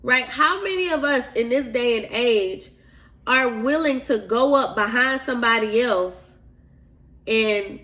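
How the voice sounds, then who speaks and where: A woman's voice: on the high side, unhurried, sharp tone. A woman hosting a podcast, speaking earnestly and confidingly as she shares a personal faith testimony. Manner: earnest, confiding, addresses listeners as y'all. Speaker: podcast host.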